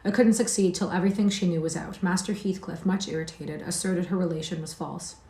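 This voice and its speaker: A woman reading a classic novel aloud on a livestream, steady with occasional slips, in an echoey room. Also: lowish voice, a little fast. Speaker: audiobook reader.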